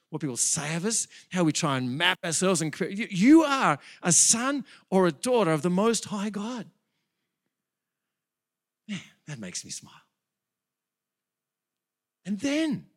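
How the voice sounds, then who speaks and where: A man preaching a sermon as pastor, animated and building to excited peaks, with quick self-corrections. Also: sits high.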